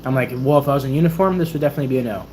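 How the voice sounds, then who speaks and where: A young man in his twenties, a Navy sailor and YouTuber, casually telling stories in a livestream Q&A and acting out other people's excited voices. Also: mid-range voice, rapid-fire, a little hiss or hum. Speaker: YouTuber and Navy sailor answering viewer questions.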